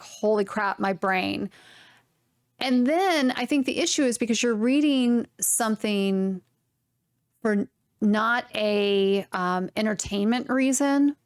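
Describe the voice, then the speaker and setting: A young adult woman hosting a knitting podcast, chatting casually in a rambling, animated way. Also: fairly high pitch, no echo, studio quality. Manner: rambling, animated, swearing mildly. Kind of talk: casual chat to camera.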